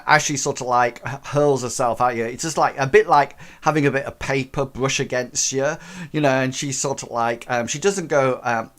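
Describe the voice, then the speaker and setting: A man's voice: medium pitch, a bit bright. A man running a tabletop game as game master, narrating in a rambling way full of "sort of, like" fillers.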